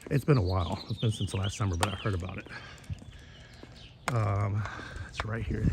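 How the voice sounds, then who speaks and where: A man's voice: lowish voice, steady tone, moderate pace, creaky, very noisy. Rambling, cursing man on a neighborhood walk. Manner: rambling, profane, gossipy. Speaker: vlogger. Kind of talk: casual walking chat. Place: outdoors in a neighborhood.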